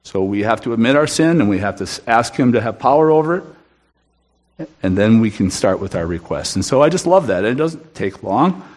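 A man's voice: on the low side, expressive, a little fast, darkish tone. A man giving an earnest, emphatic sermon testimony in a church room, often restarting his sentences. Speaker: guest speaker at a church.

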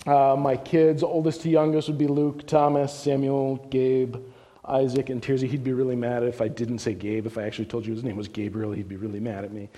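A man's voice: medium pitch, fairly quick. Middle-aged man preaching in a reverberant hall. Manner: animated storyteller, voice rising with the story's climax; loose and chatty, with frequent restarts. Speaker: visiting speaker on church missions. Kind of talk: sermon storytelling. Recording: long reverb of a large hall.

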